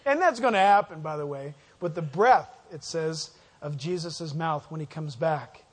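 Male pastor, high voice, emphatic sermon style, asks the room to finish his sentences. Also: normal speed, slightly rough. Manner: emphatic, asks the congregation fill-in questions. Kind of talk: sermon, verse-by-verse Bible teaching.

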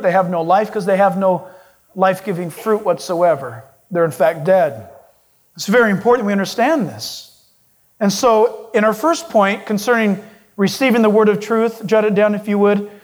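A male pastor preaching a sermon in an emphatic way, swinging his pitch for stress.

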